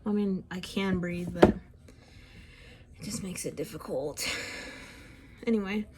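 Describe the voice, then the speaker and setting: A woman's voice: lowish voice, a little slow, very noisy. A young woman, heavily pregnant and out of breath, chatting casually at home while she does her makeup for the camera. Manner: chatty and self-deprecating, with frequent sighs. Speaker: beauty vlogger. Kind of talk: casual makeup tutorial chat.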